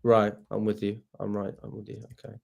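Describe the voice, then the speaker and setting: A man's voice: on the low side, completely flat delivery, brisk, vocal fry, a little mellow. A young man, hosting a casual fan livestream, chatty and swearing freely. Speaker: fan channel host.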